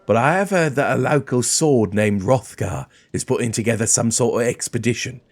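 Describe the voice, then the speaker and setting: A man voicing a burly, blunt female dwarf warrior in a low, gruff, deliberate tone. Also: lightly acted.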